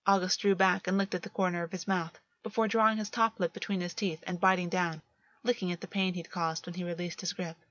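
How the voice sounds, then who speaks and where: Female narrator, measured story reading, dry and dull recording. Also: fairly low pitch, flat delivery, fairly bright tone, no echo. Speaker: reader. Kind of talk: scripted narration.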